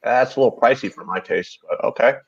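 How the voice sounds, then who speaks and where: A man's voice: medium pitch, fast talker, creaky, breathy edge, dry recording. A man on a betting panel, chatty and storytelling, with mild swearing. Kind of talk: casual sports betting chat. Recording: dull lo-fi mic.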